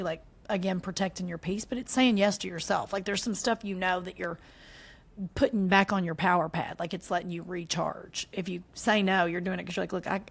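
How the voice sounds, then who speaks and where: Animated Southern woman co-hosting a chat. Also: medium pitch, gravelly. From American South. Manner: animated, acts out quoted lines in playful voices. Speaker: podcast co-host. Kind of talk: casual chat.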